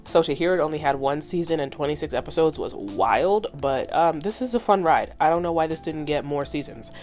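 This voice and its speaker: A woman in her twenties talks through a cartoon episode as a casual vlog recap. Her voice sits on the low side, and she sounds animated and blunt, swearing freely. She thinks out loud as she goes. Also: brisk. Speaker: vlogger reviewing a cartoon.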